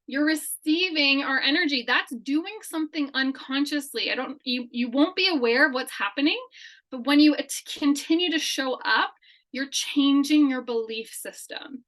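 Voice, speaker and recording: A woman's voice: sits high, normal speed, fairly bright tone, poor audio. A woman hosting a weekly team training call, speaking in an upbeat, persuasive way.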